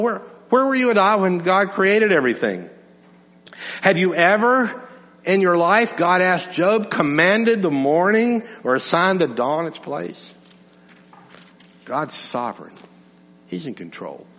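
A man delivers a sermon with a lively, rising and falling voice that lifts high for emphasis and drops to soft asides. His tone sits a little high for a man. The sound carries a long hall reverb and a slightly dull, muffled quality. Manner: animated preaching, swings between loud emphasis and soft low asides. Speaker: pastor.

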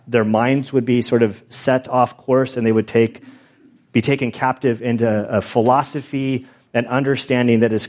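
A middle-aged pastor telling stories in a loose, self-deprecating sermon with many restarts and asides. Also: male voice, mid-range voice, a little mellow. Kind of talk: conversational Bible teaching with stories.

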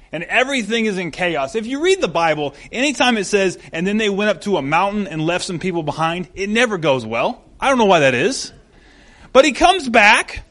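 A man preaching a sermon as pastor, in a conversational, animated storytelling manner. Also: high voice.

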